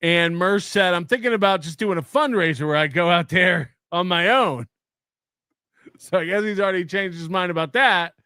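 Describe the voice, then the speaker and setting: High, bright-voiced wry commentator man. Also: normal speed, clean tone, no echo, clean studio sound. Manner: wry, recounting gossip. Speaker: stream commentator. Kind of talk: casual commentary.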